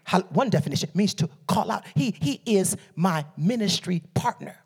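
A woman from Detroit preaching a sermon with call-and-response, swinging from soft teaching to shouted exhortation. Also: mid-range voice, expressive, normal speed, husky. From Detroit, USA. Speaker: preacher and beauty coach. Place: church service.

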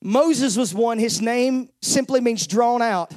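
Man, pastor, sermon, high pitch, emotional, repeats words, urgent. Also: takes it slowly, a little mellow.

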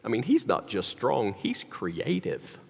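A man's voice: medium pitch, huge pitch swings, a little slow, creaky, slightly rough. A man preaching a sermon, telling a story animatedly with wry, joking asides. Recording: long hall reverb.

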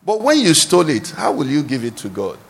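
A man preaching a sermon, animated, posing questions for the congregation to answer, recorded in a large church hall. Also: fairly high pitch, brisk, slightly rough. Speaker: pastor. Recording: echoey hall with long reverb.

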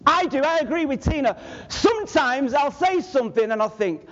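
A Manchester man preaching in a very high, lively voice that leaps up and down, joking with his listeners and speaking to them directly. The sound is dull and lo-fi, with a long reverb from the large hall around him. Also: moderate pace. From Manchester, England. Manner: animated, humorous, addresses the audience directly. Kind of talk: sermon with personal storytelling.

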